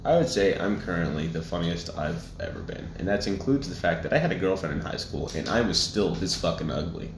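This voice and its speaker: Young guy cracking crude jokes on a podcast, lowish voice, roomy echo, little hiss. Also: expressive, fairly quick, hardly any pauses. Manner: crude, joking, swears a lot. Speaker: podcast co-host. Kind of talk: casual podcast banter. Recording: echoey room, faint ambient noise.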